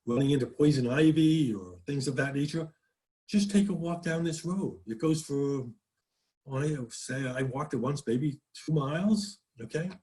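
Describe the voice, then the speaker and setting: Man, New England accent, slightly high voice, casual nature presenter, folksy, birdsong mimicry. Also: normal speed, mellow, low-quality recording. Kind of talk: casual slide-show talk.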